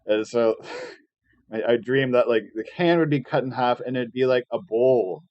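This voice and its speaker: A man live streams a casual, rambling rant packed with filler words and profanity, often sarcastic and mocking. He speaks unhurriedly at a medium pitch. The audio is dull, with no room sound.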